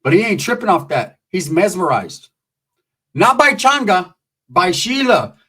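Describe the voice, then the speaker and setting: A middle-aged man telling a comic street story, animated and profane. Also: sits high, a little slow, slightly rough.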